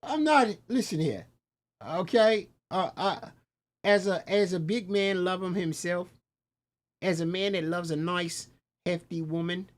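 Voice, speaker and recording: A man's voice: high voice, measured pace. Scoffing profane stream commentator man. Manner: scornful, profane, mocking disbelief. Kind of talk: reaction commentary on clips.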